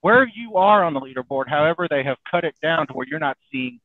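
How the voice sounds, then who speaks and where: A man joining a live stream chat by phone, talking in a relaxed, halting way. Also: a little high, no echo. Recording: tinny phone line.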